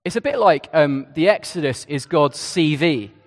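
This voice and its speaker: A man's voice: fairly high pitch, expressive, normal speed, big-room sound. A man preaching a sermon in a conversational way, with hesitations and asides. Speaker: Church of England preacher.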